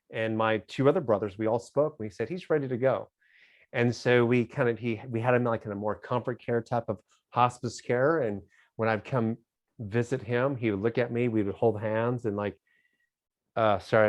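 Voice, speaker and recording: A middle-aged man, a guest on an interview, talking in a halting, reflective way and smiling a lot as he speaks. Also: fairly low pitch. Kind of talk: casual interview talk.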